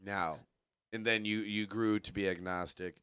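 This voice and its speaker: Young guy hosting a chatty podcast, kinda low voice, smooth and clear, cracks jokes a lot. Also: steady tone, moderate pace, bright, forceful tone, dry recording, studio quality. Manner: joking, laughs often, self-deprecating. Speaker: podcast host. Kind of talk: casual conversation.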